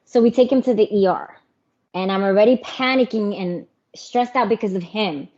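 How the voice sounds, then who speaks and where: A middle-aged woman telling her personal story as an interview guest, candid and animated. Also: medium pitch, normal speed. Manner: candid, animated, mimics others. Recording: muffled lo-fi audio.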